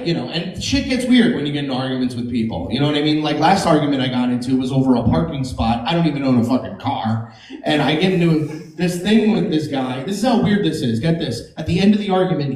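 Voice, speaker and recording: A woman's voice: low voice, a little mellow. Woman, stand-up comedian, profane, brash, laughs at own jokes, echoey club room. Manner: brash, profane, laughing through her punchlines.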